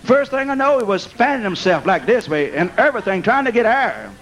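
A high-voiced preacher, a bit bright and a little fast, tells his testimony with big swings in pitch, captured in a low-quality recording. He keeps saying "amen," "bless God" and "praise God" and laughs along with the story.

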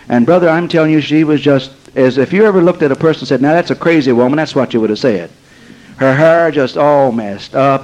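An older man preaching a sermon, telling stories in a folksy, emphatic way and drawing out key phrases slowly. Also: fairly high pitch, highs cut off. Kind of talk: sermon with storytelling.

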